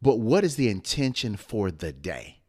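A man co-hosting a late-night motivational live stream, with a smooth radio-style voice and a preacherly way of repeating phrases for emphasis. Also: on the low side, very animated, moderate pace, darkish tone.

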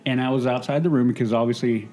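A man's voice: mid-range voice, steady tone, fast talker, music in the background. A man, a guest on a podcast, sharing emotional memories from a film set, with lots of fillers and a habit of saying "I'm like". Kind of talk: casual conversation.

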